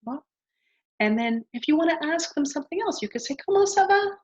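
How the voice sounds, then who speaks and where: A woman's voice: high-pitched, fairly quick. A woman teaching a beginner language lesson, patiently modeling phrases and asking the listener to repeat them. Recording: dull lo-fi sound.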